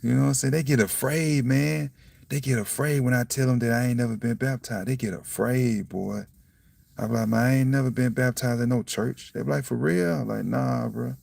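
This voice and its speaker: Young man, low gravelly voice, casual spiritual monologue, profane and blunt, loud laughs, dry sound a bit far from the mic. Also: fairly even intonation, normal speed, no room sound. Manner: repeats catchphrases like "you see what I'm saying". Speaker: self-styled preacher vlogger.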